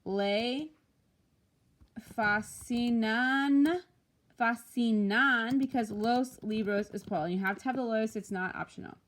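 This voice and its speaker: A woman Spanish teacher walking through homework answers, explaining patiently and slowing down to pronounce each Spanish example. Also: medium pitch, a little mellow. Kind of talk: recorded homework walkthrough.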